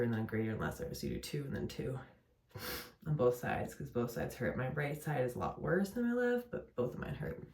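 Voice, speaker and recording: A woman's voice: very deep voice, darkish tone. A young woman venting late at night at home, in pain and worn down, rambling with lots of fillers and self-corrections. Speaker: vlogger. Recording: roomy echo.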